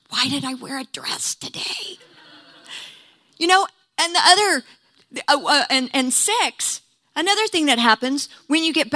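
A woman preaching, her voice bright and forward. She is animated and laughs often, and she acts out quotes as she tells stories from the pulpit. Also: high voice. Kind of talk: sermon.

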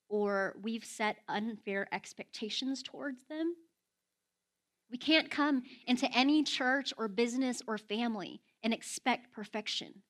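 A woman preaching with a bright, forceful voice that sits a little high. She tells her story animatedly and acts out the quoted lines. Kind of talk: sermon storytelling.

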